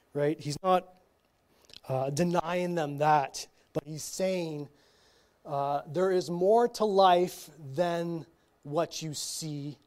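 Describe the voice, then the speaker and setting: Fairly high-voiced man teaching scripture. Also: darkish tone. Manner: slow reading broken by casual asides and frequent "okay?". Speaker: Bible study teacher. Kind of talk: reading scripture with commentary.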